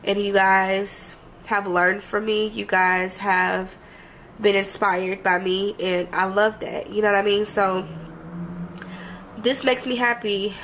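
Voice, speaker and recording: Congested, gravelly-voiced woman vlogger rambling softly. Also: medium pitch, flat delivery, slow pace, a little hiss or hum, rough recording. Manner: rambling, heartfelt, frequent "you know what I mean". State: congested, a little emotional. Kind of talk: casual talk to camera.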